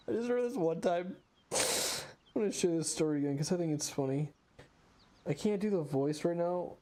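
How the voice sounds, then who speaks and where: A man's voice: a little high, moderate pace, warm tone, slight background noise. A tired young man streaming a game, chatting casually and being goofy. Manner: goofy, reads dialogue aloud in put-on voices. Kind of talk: casual gameplay commentary.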